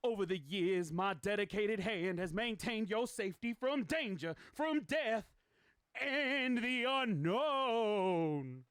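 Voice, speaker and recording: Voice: mid-range voice, expressive, slow pace, fairly bright tone, smooth, no echo, studio quality, voice pushed up. A streamer voicing a grandiose, self-satisfied male villain ruler from a kids' show, recorded as a voice audition.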